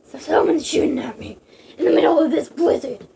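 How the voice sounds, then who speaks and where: A woman voicing a gruff, hardened male soldier who speaks bluntly and curtly. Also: high-pitched, fairly quick, warm tone, slight background noise. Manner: blunt, curt.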